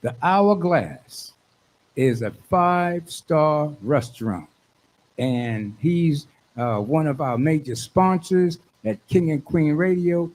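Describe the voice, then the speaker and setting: A man hosting a radio show in a studio, excitable and fond of repeating his lines for emphasis. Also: on the high side, slow pace, rough recording. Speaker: radio host.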